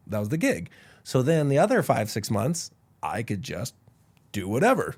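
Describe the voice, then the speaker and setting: Animated man telling stories. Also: medium pitch, normal speed, husky. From Idaho, USA. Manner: animated storyteller, acts out quotes. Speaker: podcast guest. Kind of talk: casual podcast storytelling.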